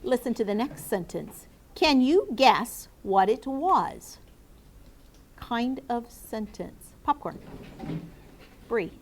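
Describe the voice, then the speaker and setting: High-pitched woman, classroom teacher, patient questioning, faint background hiss. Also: lively intonation, slow pace, long pauses. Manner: clear, patient questioning, calls on students by name. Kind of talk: classroom lesson to students and viewers. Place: classroom with students.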